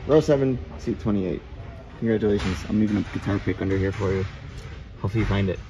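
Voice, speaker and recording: Chatty man vlogging on tour, lowish voice. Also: fast, vocal fry, background noise. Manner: chatty, self-mocking, talks straight to camera. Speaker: touring bassist. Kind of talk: casual travel vlog.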